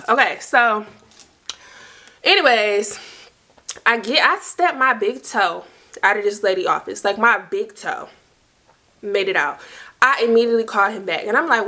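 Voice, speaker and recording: A woman's voice: medium pitch, expressive, normal speed, pauses often, sharp tone. A young woman casually telling a personal story to her viewers, chatty and slangy, full of asides to the audience. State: dry mouth. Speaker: storytime vlogger.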